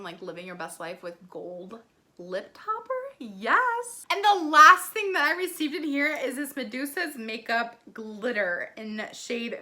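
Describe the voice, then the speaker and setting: A woman beauty vlogger gushing through an excited unboxing, gasping often and filling her talk with "like" and "oh my gosh.". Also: a little high. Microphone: ring light setup, desk camera.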